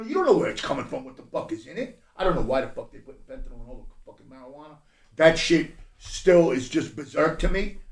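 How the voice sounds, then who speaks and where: A middle-aged man telling his life story bluntly as a podcast guest, profane and swinging from low mutters to loud bursts. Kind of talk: candid personal storytelling. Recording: roomy echo.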